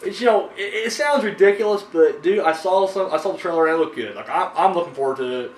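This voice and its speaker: Man, horror review host, casual rambling chat, fairly high voice, echoey room, heard from a distance. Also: expressive, fast talker. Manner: rambling, swears freely, frequent fillers.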